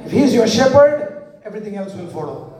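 A man preaching a sermon with a very high voice, weaving stories and call-and-response into his message. His voice rings through a big echoey hall and is picked up from some distance away from the mic. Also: very animated, brisk, crowd noise. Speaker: pastor. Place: large church hall. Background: congregation responding.

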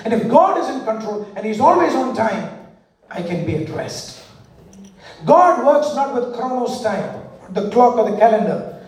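A man's voice: very high voice, sing-song, measured pace. A male pastor preaching a sermon, with rhythmic call-and-response and repeated parallel phrases, recorded in a church. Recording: echoey church hall from far off.

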